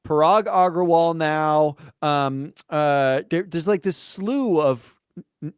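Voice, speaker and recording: Joking man co-host, slightly high voice. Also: slow pace, clear, resonant tone, no echo, clean studio sound. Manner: animated, joking, trails off with fillers and restarts. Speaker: podcast co-host. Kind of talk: casual snarky market-news chat.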